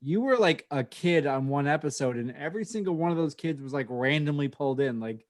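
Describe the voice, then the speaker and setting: A man's voice: fairly high pitch, lively intonation, fairly quick. Blunt, sarcastic man on a podcast. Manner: blunt, sarcastic, swears freely. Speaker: podcast co-host. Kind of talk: casual comedic chat.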